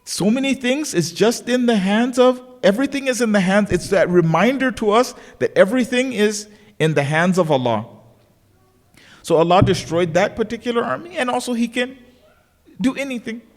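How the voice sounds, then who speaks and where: A man's voice: high voice, animated, moderate pace, long reverb tail. A man giving a religious lecture, telling a story and acting out the voices in the quotes. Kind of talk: sermon. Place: lecture hall of a learning center.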